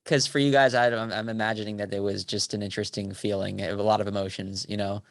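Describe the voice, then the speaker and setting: A man's voice: fairly low pitch, level tone, fast talker, no echo, clean studio sound. A male host asking the guest long, thoughtful questions in a podcast interview.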